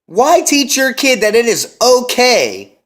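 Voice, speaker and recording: A man's voice: very high-pitched, sing-song, a bit bright. Intense young man ranting hard. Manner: intense, emphatic, heavy cursing, slows to hammer key words. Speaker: vlogger and parent. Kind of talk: heated ranting monologue.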